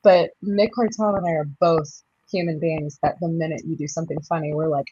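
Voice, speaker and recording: A woman in her thirties, a stage actress, telling lively stories in a casual interview and laughing often. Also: low voice, a little fast, hardly any pauses, slightly rough, dull audio. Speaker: touring musical theatre actress, guest.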